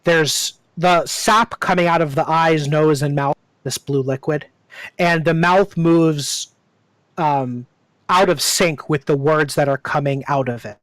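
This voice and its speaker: Male game master, slow descriptive narration with fillers, dry close mic. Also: a little high, a bit bright, no echo. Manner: descriptive, unhurried, with many fillers.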